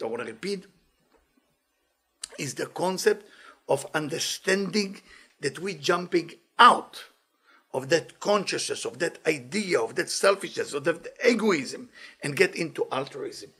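Man, high voice, Kabbalah teacher, animated lecture, quizzes the class. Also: moderate pace, slightly rough. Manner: animated, questions the audience, broken English grammar.

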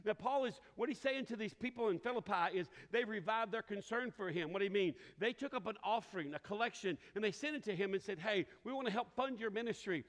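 Man, pastor, high voice, folksy storytelling sermon, long church hall reverb. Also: fast talker, hardly any pauses.

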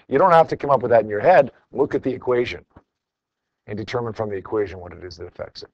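A male teacher reviews homework with his class, chatty and easygoing, calling on students one by one. His voice sits at an ordinary pitch. The recording is dry, with no room echo, and sounds dull and muffled. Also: quick pace, a little mellow. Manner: conversational, calls on students by name.

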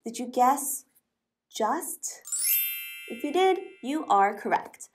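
A woman teaching an English lesson, speaking slowly and clearly and spelling words out letter by letter. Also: on the high side, expressive, faint music behind.

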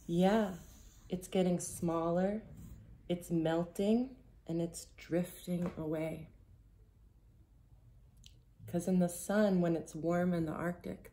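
A woman reading a picture book aloud to children, gently explaining as she goes and asking them questions. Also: fairly low pitch. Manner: gentle, slow storytelling, speaking directly to children.

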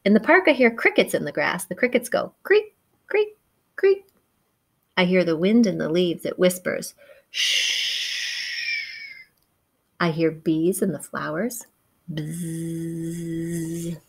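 A woman reading a picture book aloud to young children, gentle and encouraging, chatting about the pictures and imitating the story's sounds. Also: on the low side, animated, brisk, vocal fry, hardly any pauses, husky. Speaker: children's read-aloud presenter.

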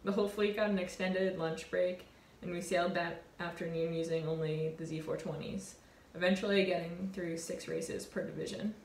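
A woman in her twenties, a college sailor, telling a reflective personal story in an earnest, warm way. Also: lowish voice, steady tone, moderate pace, hardly any pauses, roomy sound, slight background noise. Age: 20s. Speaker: college sailor and award winner.

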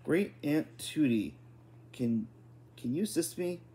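A man's voice: on the high side, lively intonation, slow, dark tone, pitched above the performer's own voice. A man voicing a dramatic, overly polite boy in a storybook reading, his speech stiff and formal. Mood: earnest.

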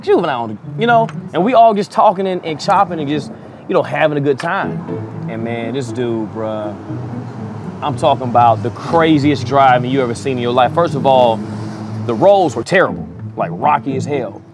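A man's voice: mid-range voice, lively intonation, normal speed, music in the background. A man working as a DJ tells a wild story in a casual, profane way, chuckling as he goes. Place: outdoors in a city.

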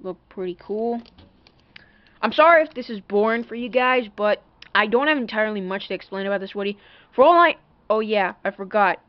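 A woman's voice: mid-range voice, animated, fairly quick, no room sound, muffled recording. A woman rambling through a casual show-and-tell vlog about a toy, full of fillers and apologies. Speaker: toy collector showing a doll.

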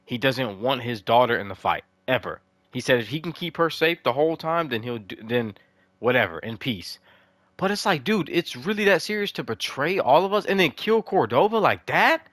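A young man giving live, excitable commentary over a video game, swinging between frustration and amazement. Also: mid-range voice, normal speed, no echo. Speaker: gaming commentator.

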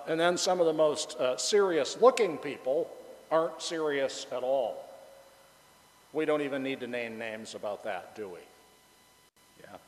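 A man's voice: mid-range voice, in a large hall, low-quality recording. A male pastor preaching a conversational sermon, chatty and joking, bantering with the congregation.

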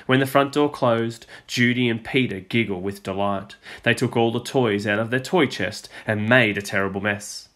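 A man's voice: normal speed, few pauses. Male teacher reading a storybook aloud. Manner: expressive storytelling, drops low on speech tags.

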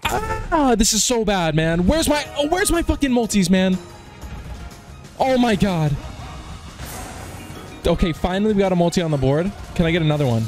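A slightly high-voiced man commentating his own slot spins, his pitch leaping all over as he swings from muttering to shouting. He talks in loose slang, calling everyone dude and man, and swears freely. Faint game music plays under him. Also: moderate pace, pauses often. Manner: excitable, swears, bursts into yells on big hits; casual slang, keeps saying "dude" and "man". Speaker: online slots streamer. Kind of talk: live gambling commentary.

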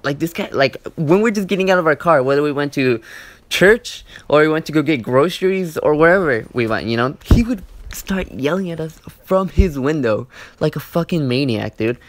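A man's voice: on the high side, lively intonation, normal speed, no echo. A young man telling a story in a casual, rambling way, swearing often and filling his talk with "like" and "you know.". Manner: rambling, profane, heavy use of "like" and "you know". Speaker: gaming channel host. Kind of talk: casual storytime over gameplay.

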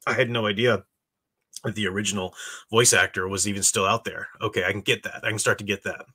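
A man's voice: fairly low pitch, fairly even intonation, fast talker, bright, forceful tone, husky. A man hosting a live stream, talking casually and reading chat messages. He rambles with many restarts and gives blunt opinions.

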